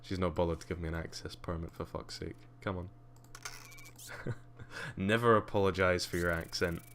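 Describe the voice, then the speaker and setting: A man from Scotland with a low voice, moderate pace, and fairly bright tone streams a game while offering casual commentary. His Scottish accent has a slight posh English tinge, and he's chatty, dry, and self-mocking, with a little hiss or hum in the audio.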